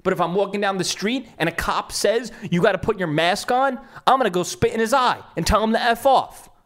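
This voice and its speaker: High-voiced man commenting. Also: a little fast, fairly bright tone. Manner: talks it through with restarts. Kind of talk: reaction commentary.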